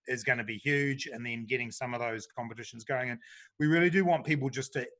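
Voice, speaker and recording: A middle-aged man, answering panel questions as a government minister in a relaxed, chatty way with frequent fillers. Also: medium pitch, fast talker.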